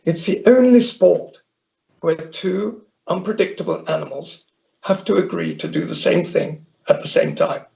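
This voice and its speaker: Older male guest from Northern Ireland, rambling storyteller, heavily gravelly voice. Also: fairly high pitch, measured pace, mellow. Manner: rambling anecdotal, self-correcting restarts. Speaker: interview guest. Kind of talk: conversational storytelling. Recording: dull lo-fi audio.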